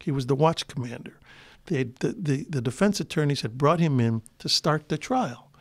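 A man's voice: a little high, animated, normal speed. An older man, a guest in an interview, telling long rambling anecdotes full of restarts. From Chicago. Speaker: guest actor. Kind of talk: relaxed interview storytelling.

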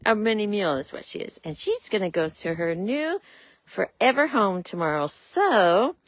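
A woman gives a casual walkaround of a horse rescue, her pitch rising and falling a lot as she talks. She explains the animals' care plainly, then slips into a high sing-song coo for them. The sound is close and dry. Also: expressive, normal speed, dry recording. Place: outdoors at a farm with horses.

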